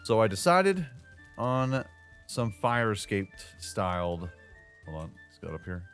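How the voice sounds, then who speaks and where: A man's voice: fairly low pitch, big pitch swings, measured pace, a bit bright, smooth, faint music behind. A man hosting a casual gameplay commentary, chatty and playful with loose slang and asides, recorded as a voice-over on a desk microphone. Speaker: gaming channel host.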